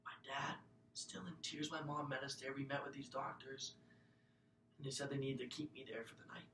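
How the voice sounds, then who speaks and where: A young man giving an earnest, emotional personal testimony as a student speaker, often dropping to a hushed, breathy voice. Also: little pitch movement, moderate pace. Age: young adult. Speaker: student speaker telling his own story. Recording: echoey room, mic far off, faint rumble.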